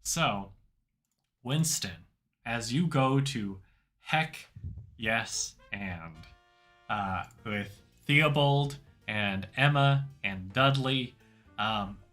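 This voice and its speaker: A male game master narrating an improvised tabletop game in a loose, filler-heavy way. He talks slowly with a bright, forward tone. Faint music plays behind him. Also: mid-range voice. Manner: loose, relaxed, lots of fillers.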